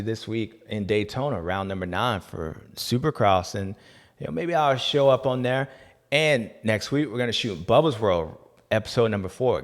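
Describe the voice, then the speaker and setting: Playful, slangy man hosting in an echoey room. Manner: playful, jokey, slangy, swings between loud bursts and low asides. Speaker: podcast host. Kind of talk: casual race recap chat.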